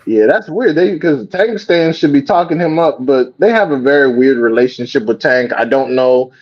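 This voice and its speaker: A man hosting a live reaction stream, talking casually and profanely in an animated rant. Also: on the high side, normal speed, dull audio. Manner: animated, profane, mocks others in quoted voices. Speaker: host.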